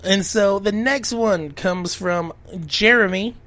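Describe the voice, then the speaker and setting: A man's voice: high voice, slow, noisy background. A man co-hosting a casual podcast, reading listener messages aloud in a laid-back, amused way. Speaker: podcast co-host.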